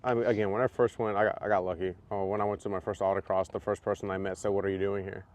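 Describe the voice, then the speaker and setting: Trackside at a race track, a driver co-hosts a casual podcast, his fairly low voice racing along. He tells stories with lots of energy, acts out what other people said, and laughs often, with faint outdoor noise in the background.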